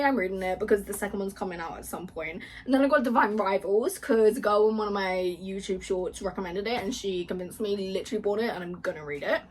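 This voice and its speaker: A woman's voice: medium pitch, slight background noise. A young woman chatting casually and gushingly about books, laughing often as she talks. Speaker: book vlogger. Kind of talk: casual chat.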